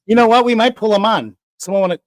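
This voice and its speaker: Excitable chatty man, dry sound. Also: fast talker, no echo. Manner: chatty and excitable, jumps up in pitch. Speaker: co-host. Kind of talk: casual talk show banter.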